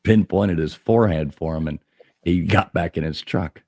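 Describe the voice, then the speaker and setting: A man's voice: low-pitched, moderate pace, darkish tone, no room sound. A man co-hosting a casual podcast, telling a long rambling story, swearing freely and laughing as he goes.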